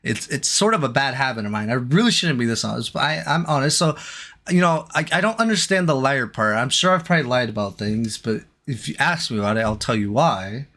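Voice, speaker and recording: Hesitant man giving a halting apology. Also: medium pitch, lively intonation, sharp tone. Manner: hesitant, halting, many restarts and fillers. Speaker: streamer. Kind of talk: apology stream.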